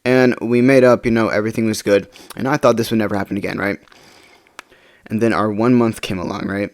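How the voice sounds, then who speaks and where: A man's voice: on the low side, fairly even intonation, fairly quick. A young man telling a personal story in a casual vlog, rambling and checking in with the listener with "right?". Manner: rambling, many fillers like "right?".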